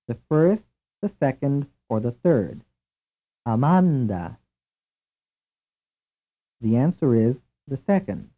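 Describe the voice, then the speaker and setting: A man giving a scripted language lesson in a measured, clear, deliberate drill delivery. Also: mid-range voice. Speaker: language instructor. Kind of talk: scripted instructional narration. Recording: tinny, lo-fi old tape recording.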